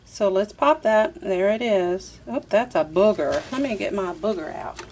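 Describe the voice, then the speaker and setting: Unhurried and a little mellow, the woman's mid-range voice is expressive, with slight background noise behind it. She chats through a casual craft tutorial step by step, talking to herself as she goes and saying "y'all."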